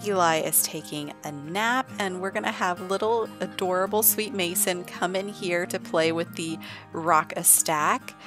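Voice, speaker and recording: A woman's voice: lowish voice, measured pace, music in the background. A woman narrating a life-sim game in casual, chatty commentary, full of "like". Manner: chatty, heavy use of "like". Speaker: let's play narrator.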